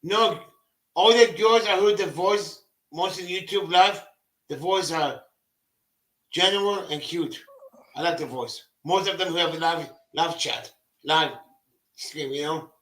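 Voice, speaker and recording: Man in his forties, high bright voice, slow halting delivery, echoey room; casual livestream co-host. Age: 40s. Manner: halting, broken phrasing with repeated words. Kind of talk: casual chat.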